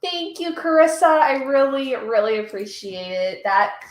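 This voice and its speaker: A woman's voice: high voice, animated, a little slow, roomy sound. A woman hosting a reading live stream, chatting casually, reading chat aloud and getting emotional and gushing.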